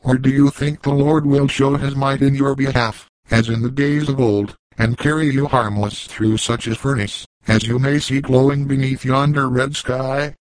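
A man's voice: mid-range voice, fairly even intonation, normal speed, few pauses, dry recording, natural voice, low-quality recording. A man voicing a grim, solemn old frontier trapper who speaks in weighty, archaic phrases. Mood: grave warning. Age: older.

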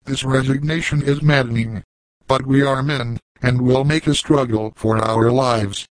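A man's voice: medium pitch, steady tone, a little slow, dry recording, close to an everyday voice, rough recording. A man voicing an earnest young army captain speaking in formal, impassioned lines. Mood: desperate resolve.

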